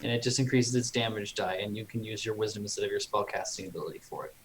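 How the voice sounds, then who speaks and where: A man's voice: fairly low pitch, fairly even intonation, quick pace, crowd noise, poor audio. A man playing a tabletop game, vividly describing his character's actions and thinking aloud about the rules. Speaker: player.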